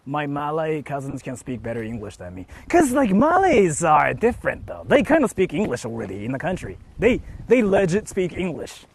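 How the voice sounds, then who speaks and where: A man's voice: on the high side, big pitch swings, moderate pace, gravelly, hardly any pauses, breathy edge. A young man walking around outdoors and chatting loosely with his live-stream viewers, filling his talk with "like" and restarts. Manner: loose, rambling, heavy on "like" fillers.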